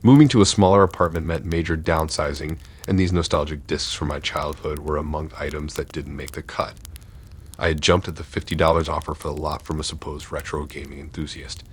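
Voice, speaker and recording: A man reading horror stories aloud in a steady, dark scripted narration. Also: extremely low pitch, fairly quick, husky.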